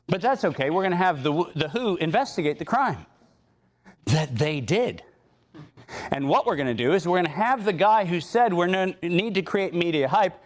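A man giving an impassioned lecture with slides, sarcastic and emphatic, building to outraged points. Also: a little high. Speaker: speaker giving a talk.

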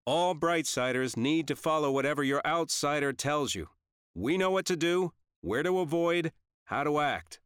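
A man voicing a father who loudly commands a crowd of survivors, in audiobook narration. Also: on the high side, animated, clear, resonant tone, dry recording, studio quality, pitched above the performer's own voice. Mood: commanding. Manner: commanding, loud, deliberate. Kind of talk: audiobook character voice.

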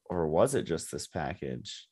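Podcast co-host, man, very low voice, hesitant and musing. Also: sing-song, unhurried, warm tone, husky. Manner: musing, hesitant, full of fillers. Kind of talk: casual book-discussion chat.

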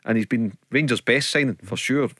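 A Scottish man on a radio panel walks through his argument in a chatty, reasoned way. His voice is mid-pitched. The sound is dry and close. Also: fairly quick, bright, forceful tone, no room sound. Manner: chatty, reasoned, builds comparisons. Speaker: radio football pundit. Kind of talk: radio football punditry. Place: radio studio.

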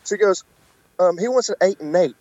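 Guest: man, casual teller, raised voice, lively pitch jumps for quoted people, dry lo-fi sound. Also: normal speed, no room sound. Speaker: podcast guest, wrestler. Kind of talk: casual storytelling. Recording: dull lo-fi podcast audio.

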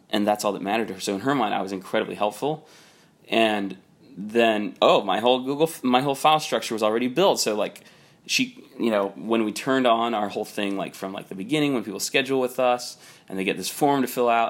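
A man casually telling a long personal story about his boss, rambling with many fillers. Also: lowish voice. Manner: rambling, many "like" fillers, quotes people in raised voice. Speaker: storyteller recounting a work conflict.

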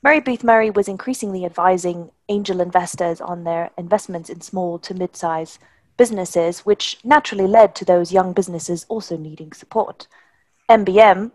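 A woman's voice: on the low side, no room sound. A woman from Germany, a native German speaker, co-hosting a podcast with polished, prepared remarks. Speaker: podcast co-host, lawyer.

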